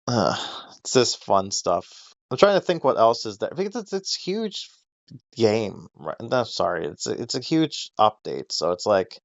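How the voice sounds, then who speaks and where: A man's voice: fairly low pitch, very animated, unhurried, creaky, no room sound, lo-fi sound. A man hosting a casual podcast chat, rambling and swearing freely, laughing often and acting out quotes. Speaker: podcast host.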